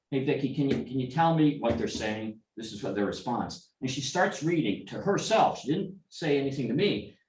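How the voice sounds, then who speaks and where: A middle-aged man telling rambling, anecdotal stories at an informal club meeting, with many restarts and asides. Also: mid-range voice. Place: meeting room. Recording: echoey room, speaker far from mic.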